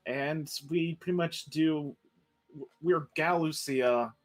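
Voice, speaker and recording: A man's voice: fairly high pitch, slow pace. A man who plays and runs a podcast, rambling casually and trailing off. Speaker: player and podcaster. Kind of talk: casual chat.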